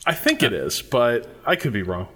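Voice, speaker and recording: A man, a guest on a casual podcast, talks with eager enthusiasm. He stumbles and restarts his sentences often and leans on "like" as he works out his points. His voice sits at an everyday middle pitch. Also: very animated, normal speed, fairly bright tone, slightly rough. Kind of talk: casual chat.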